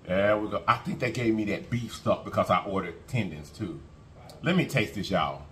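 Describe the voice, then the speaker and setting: A man's voice: lowish voice, moderate pace, a bit bright, a little hiss or hum. A man hosting an eating show, chatting casually to his viewers and humming as he eats. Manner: chatty, folksy, keeps addressing viewers, hums while eating. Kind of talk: casual mukbang chat to viewers.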